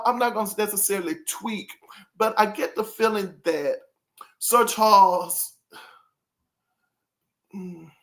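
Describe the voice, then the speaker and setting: A host giving casual, animated opinions in a vlog, rambling with many fillers and a lilt. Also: medium pitch. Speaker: music commentary host.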